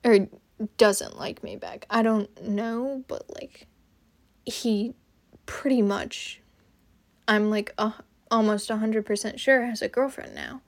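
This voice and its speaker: Young woman rambling slow on her podcast, lots of likes and pauses, kinda high voice. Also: fairly even intonation. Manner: halting, full of "like" fillers. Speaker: podcast host. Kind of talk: casual solo ramble.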